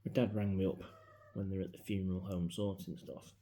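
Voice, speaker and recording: A man, talking casually and reflectively into his phone in a personal vlog, his voice often dropping to a soft mutter. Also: low voice, little pitch movement, a little fast. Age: 40s. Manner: rambling, reflective, grieving, drops into soft mutters. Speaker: vlogger. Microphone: mobile phone.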